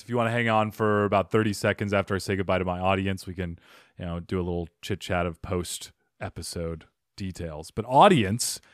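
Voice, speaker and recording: A playful podcast host talks in a lowish voice, hopping between thanks and goofy bits. The sound is close and dry, with no room around it. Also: male voice, no room sound. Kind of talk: casual podcast chat and outro.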